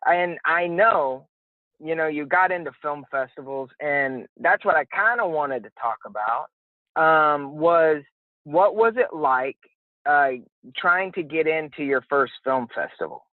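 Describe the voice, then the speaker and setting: A man's voice: on the high side, expressive, measured pace, dry recording. A man co-hosting a podcast in casual chat, playful and joking. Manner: playful, jokey, slips into mock voices. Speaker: podcast co-host. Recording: tinny phone-like line.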